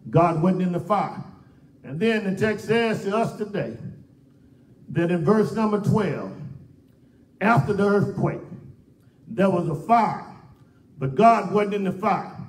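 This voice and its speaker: A pastor preaching with fervor, his high voice climbing into shouts and then dropping to near-hushed phrases as he repeats his points. He sounds distant from the mic, and the church room rings around him. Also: animated, slow pace, long pauses. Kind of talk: sermon. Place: church sanctuary. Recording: echoey church room, voice picked up from far off.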